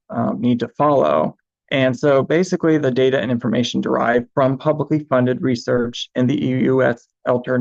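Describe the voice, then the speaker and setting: A man presenting a lesson in a steady, flat voice with a gravelly edge, pausing often on ums and uhs. The sound is dry and dull, like a lo-fi recording. He walks his listeners through best practices step by step. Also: medium pitch, no room sound. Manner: hesitant, many ums and uhs. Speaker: information manager.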